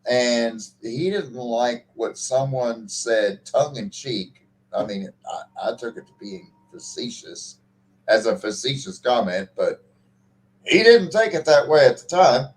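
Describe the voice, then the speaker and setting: A man's voice: mid-range voice, animated, a little slow. A man co-hosting a casual podcast chat, ranting with profanity and frequent restarts. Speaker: podcast co-host.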